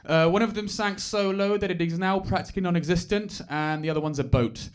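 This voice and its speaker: A man's voice: sits high, fairly quick, background noise. A young man, doing stand-up comedy in a club and teasing the crowd. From England. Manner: chatty, teasing, crowd work. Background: audience laughter.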